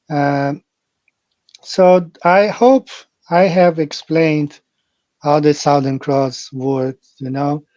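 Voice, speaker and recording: A man's voice: on the high side, darkish tone, no room sound. A man hosting a live stream, talking casually and rambling, repeating phrases and greeting viewers directly, on a muffled lo-fi recording. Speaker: livestream host. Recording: muffled lo-fi audio.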